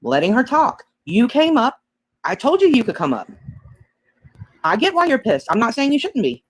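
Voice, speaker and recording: A woman moderating a heated livestream, placating the others and trying to calm them down. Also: fairly high pitch, moderate pace, slightly rough, poor audio.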